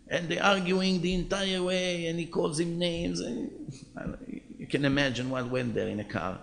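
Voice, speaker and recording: Gravelly, animated rabbi telling a story. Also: male voice, a little high, moderate pace, slight background noise. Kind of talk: storytelling sermon.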